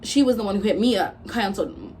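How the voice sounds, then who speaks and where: A young woman in her twenties venting through a storytime vlog at a mid-range pitch. She is blunt and swears freely, and she acts out both sides of old arguments as she retells them. A faint hiss sits under her voice. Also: expressive, fast talker, darkish tone. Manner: blunt and profane, retelling with quoted back-and-forth. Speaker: vlogger. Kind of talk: casual storytime rant.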